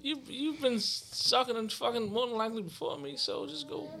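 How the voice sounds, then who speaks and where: High bright-voiced man, blunt. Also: lively intonation, moderate pace. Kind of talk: casual chat.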